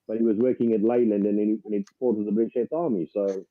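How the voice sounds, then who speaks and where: A man's voice: fairly low pitch, fairly even intonation, fast, no echo, narrow, tinny audio. A man from South Africa with a light South African accent, joining a stream as a guest and talking in an easygoing, agreeable, hesitant way. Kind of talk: casual live-stream chat.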